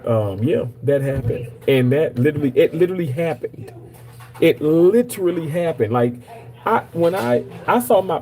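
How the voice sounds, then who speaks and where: A man's voice: mid-range voice, mellow, rough recording. Chatty man telling a personal story. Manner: storytelling, emphatic repetitions, chatty. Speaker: streamer talking to viewers. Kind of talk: casual live chat.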